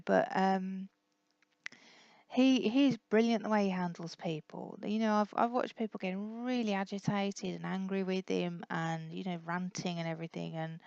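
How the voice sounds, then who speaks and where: A middle-aged woman talks casually and candidly, rambling and restarting her sentences. Her voice has a gravelly, fry-tinged texture. The recording is dry and slightly dull. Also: on the low side, no room sound. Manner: rambling, self-correcting, candid. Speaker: blogger addressing her family. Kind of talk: casual personal talk.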